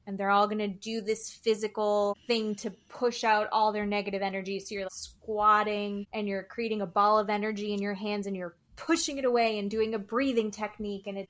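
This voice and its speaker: A woman co-hosting a podcast, chatting casually and acting out other people's lines with swearing and laughter. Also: medium pitch. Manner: animated, acts out quotes with swearing and laughter. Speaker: podcast co-host. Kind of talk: casual chat recapping a reality show.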